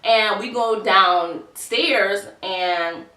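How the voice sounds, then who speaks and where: A woman's voice: medium pitch, very slow, pushed and bright. A woman in her twenties telling a storytime vlog in a chatty, profane, slangy way. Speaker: vlogger. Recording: roomy echo, distant mic.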